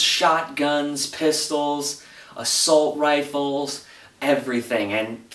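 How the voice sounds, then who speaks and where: A man casually recapping a TV episode as a reviewer, retelling it in an animated, breathless way. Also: mid-range voice, distant mic. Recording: roomy echo, voice off-mic.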